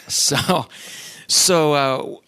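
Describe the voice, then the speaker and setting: A man's voice: on the high side, very slow, creaky, sharp tone, smooth, no echo. A man from Cleveland, Ohio, hosting a casual podcast as a real estate agent, rambling and self-deprecating. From Cleveland, Ohio, USA.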